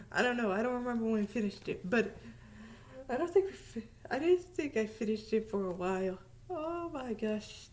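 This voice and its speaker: A woman vlogger chatting casually about a TV series, animated and emphatic, repeating words for effect and sometimes dropping to a whisper. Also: a little high. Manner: drops to a whisper at times. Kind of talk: casual chat.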